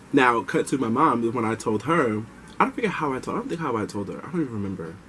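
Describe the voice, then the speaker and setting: A young man vlogging, telling a personal story in a chatty, animated way and giving advice straight to viewers. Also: lowish voice, a little hiss or hum, poor audio.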